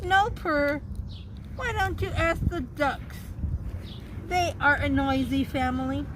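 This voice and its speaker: A woman's voice: high-pitched, slow, background noise. A woman doing a kindly, apologetic pig. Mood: gentle. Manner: gentle, apologetic.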